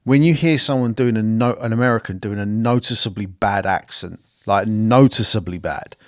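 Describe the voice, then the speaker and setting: A man's voice: fairly low pitch, normal speed, no echo, studio quality. A man co-hosting a casual film podcast, blunt and sweary, rambling with lots of fillers. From second-generation Irish. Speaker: podcast co-host.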